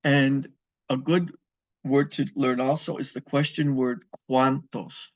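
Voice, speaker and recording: A man's voice: mid-range voice, level tone, slow pace, dry recording, muffled recording. A man teaching a beginner language lesson, patiently repeating and spelling out words for his students. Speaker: Spanish teacher. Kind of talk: recorded classroom lesson.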